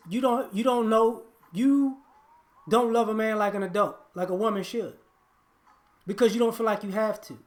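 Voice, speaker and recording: Preachy man lecturing on relationships. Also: high voice. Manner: preachy, blunt, repetitive with frequent restarts. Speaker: relationship commentator.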